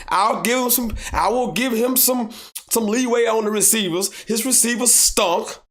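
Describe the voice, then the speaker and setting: A man with a Southern American accent runs a solo sports talk podcast, his voice very high and his pace moderate. He's animated, hammering his points through repetition until he's nearly shouting. He also reads viewer comments out loud and argues back at them.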